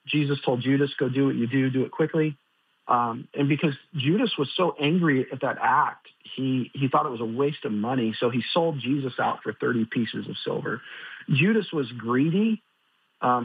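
A man's voice: medium pitch, slightly rough, no room sound. A man, a radio co-host and pastor, giving earnest Bible teaching with frequent fillers and restarts. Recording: tinny phone-line audio.

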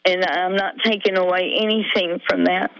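Halting middle-aged woman caller, lo-fi line. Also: on the low side, fairly even intonation, fairly bright tone, a little hiss or hum. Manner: halting, rambling storytelling with many fillers. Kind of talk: emotional call-in confession. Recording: dull lo-fi radio call.

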